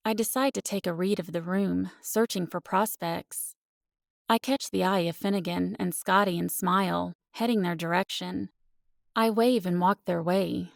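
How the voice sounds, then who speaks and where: A woman narrating a first-person romance audiobook with expressive, earnest storytelling. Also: fairly low pitch, creaky, no echo, studio quality.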